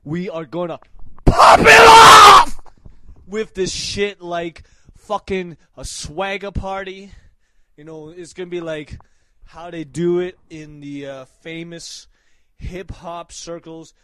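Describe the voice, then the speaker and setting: A man giving casual, profane hype shout-outs in a swaggering way, breaking into loud shouted names. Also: a little high, steady tone, takes it slowly, dry recording, rough recording.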